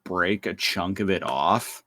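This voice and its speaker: A man's voice: sits low, slow, sharp tone, no room sound, clean studio sound. A man co-hosting a podcast, recapping an episode in casual, rambling chat. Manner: rambling, laughing, restarts sentences. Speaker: podcast co-host.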